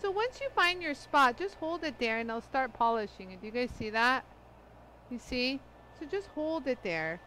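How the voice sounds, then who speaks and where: A woman's voice: high voice, big pitch swings, moderate pace, sharp tone, a little hiss or hum, rough recording. A woman hosting a live product demonstration, chatty and laughing often as she greets viewers by name. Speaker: livestream demo host.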